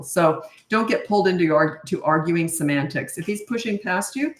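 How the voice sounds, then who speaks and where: In an echoey room, a middle-aged woman who works as a parenting coach handles questions at a moderate pace, her voice on the low side. The advice is casual, blunt and matter-of-fact, with chatty asides along the way.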